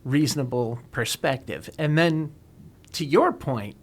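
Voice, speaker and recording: A man's voice: medium pitch, unhurried. A man explaining and arguing a legal point in an emphatic, lawyerly way on a talk show.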